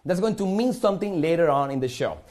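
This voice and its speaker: A man's voice: on the high side, lively intonation, fast, a little mellow. A man from Puerto Rico with a Puerto Rican accent, performing a live magic show on a studio stage and joking theatrically with the audience.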